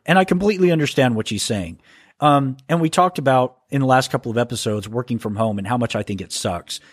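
At home, a male podcast host reads listener mail aloud and comments on it in a casual monologue, often stumbling and restarting as he reads. He talks fast at a medium pitch, and the studio-quality audio has no room sound.

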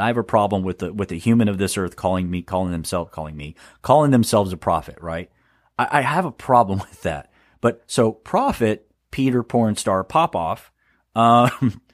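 A man's voice: medium pitch, no echo, clean studio sound. A man hosting a solo podcast, talking in a sarcastic, rambling way with stammers and laughs. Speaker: podcast host.

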